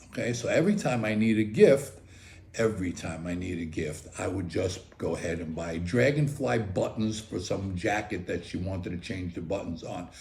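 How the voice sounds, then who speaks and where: Older guy spinning a story, gravelly voice, roomy echoey sound. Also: on the low side. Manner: animated, chatty, repeats "okay?" often. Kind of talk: casual personal storytelling. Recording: roomy echo.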